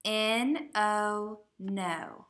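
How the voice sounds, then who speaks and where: Slow, bright-voiced woman reading aloud to kids. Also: medium pitch. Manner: sounds out words letter by letter. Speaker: kindergarten teacher. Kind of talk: slow read-aloud lesson for young children.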